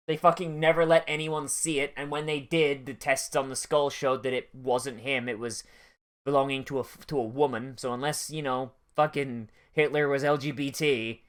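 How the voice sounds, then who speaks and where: A streamer offers casual commentary while watching an episode, swearing freely and drifting from tangent to tangent. The loose, conversational delivery sits at a middle pitch, as if talking to friends watching along. The storytelling is profane and rambling.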